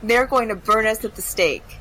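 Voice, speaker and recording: A woman's voice: a little high, normal speed, fairly bright tone, a little hiss or hum, low-quality recording. A woman co-hosting a podcast, chatting casually about a video game in a rambling way and acting out the characters' lines. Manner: rambling, lots of fillers and acted-out quotes. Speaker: podcast co-host.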